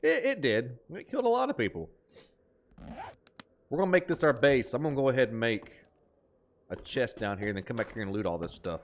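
Lively twangy man streaming a game. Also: medium pitch, fairly quick, long pauses. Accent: Appalachian. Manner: chatty, reads chat aloud, laughs easily. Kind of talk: casual live-stream gameplay chat.

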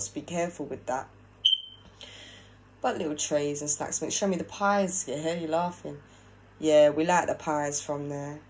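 A woman's voice: low-pitched, a little mellow, poor audio. A woman chatting casually as she relays a spirit's opinions, often checking with "yeah?" and repeating herself. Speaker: spiritual medium channeling a spirit. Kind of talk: casual spirit reading to camera.

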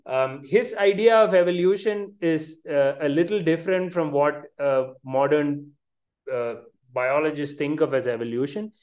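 An Indian-accented man lectures on science over a video call. His voice sits a little high for a man. He pauses often with fillers and restarts his phrases as he explains. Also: a little mellow. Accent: Indian English. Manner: hesitant, many fillers and restarts.

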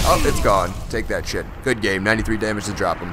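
A young man giving excitable, profane live commentary over his own gameplay, often bursting into shouts. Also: on the low side, brisk, noisy background. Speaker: gaming channel host.

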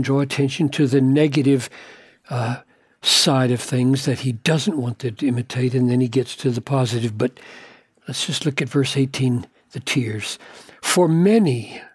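Older male pastor, measured earnest Bible teaching, unhurried, dry studio sound. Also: medium pitch, a little mellow, slightly rough, no echo. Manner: earnest, deliberate, stretches key words for emphasis.

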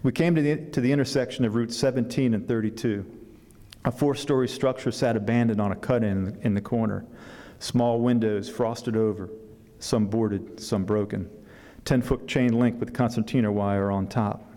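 Mellow-voiced man reading in an echoing hall. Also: fairly low pitch. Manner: halting with fillers when speaking freely, steady when reading. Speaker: author at a book fair reading. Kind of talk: public reading from his novel. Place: event hall.

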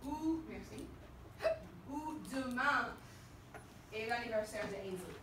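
A woman French teacher leading her class, counting down and reading aloud slowly in chorus with the students, then explaining in a brisk, lively way. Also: fairly high pitch, background noise. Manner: animated, leads choral reading with slow drawn-out words and countdowns. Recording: echoey classroom from far off.

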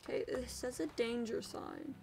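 A woman's voice: a little high, steady tone, normal speed, vocal fry, darkish tone, slight background noise. A woman streaming a game, chatting casually and squealing and cooing at the creatures on screen. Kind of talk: casual gameplay commentary. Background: game music.

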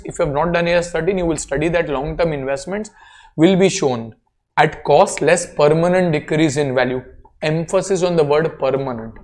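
A man's voice: fairly high pitch, darkish tone. A man with an Indian accent giving a classroom accounting lecture, explaining step by step and checking in with students.

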